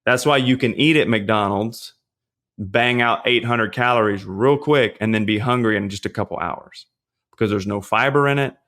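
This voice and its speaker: A man, a pastor and fitness trainer, talking as a podcast guest and giving casual nutrition advice in a relaxed, chatty way, often checking in with "you know what I mean?". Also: lowish voice, moderate pace. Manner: relaxed, chatty, frequent fillers and rhetorical checks.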